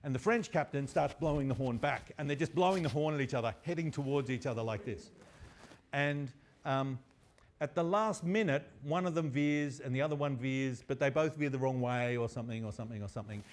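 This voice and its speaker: A male university lecturer tells a story in an animated, chatty way. His voice sits at a middle pitch. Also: fairly quick.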